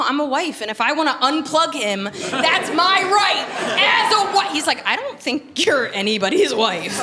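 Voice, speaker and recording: A woman's voice: medium pitch, gravelly, slight background noise. A woman comedian telling a stand-up story, acting out the quotes with big jumps in her voice. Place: comedy club stage.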